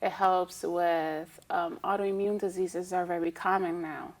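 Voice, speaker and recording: A woman who is a licensed acupuncturist, a guest on a TV talk show, calmly explaining her practice. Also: lowish voice, unhurried. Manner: calm, explanatory, with frequent "um" and "you know". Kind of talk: explaining in an interview.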